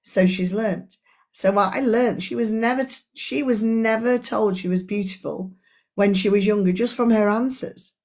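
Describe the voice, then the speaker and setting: A middle-aged woman talks through a book with her live audience in an earnest, chatty way. She speaks as a coach at a mid-range pitch for a woman, addressing listeners directly. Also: normal speed, darkish tone. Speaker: life coach. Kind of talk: live-stream book club discussion.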